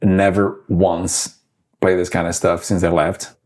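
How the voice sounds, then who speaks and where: A man in his forties from Brazil with a Brazilian Portuguese accent, chatting as an interview guest, halting with many fillers and restarts. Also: deep voice, level tone, a little mellow. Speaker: guest musician. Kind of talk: casual interview chat.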